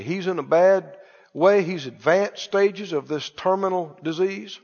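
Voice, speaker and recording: Man preaching, very high voice, animated and emphatic, repeats lines, long church reverb, dull lo-fi sound. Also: slow. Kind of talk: sermon.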